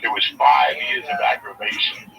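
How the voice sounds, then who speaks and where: A man's voice: normal speed, a crowd in the background. A man casually telling a profane story, acting out the dialogue as he goes. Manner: profane, animated retelling with quoted dialogue. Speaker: storyteller guest. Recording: far from mic with music behind.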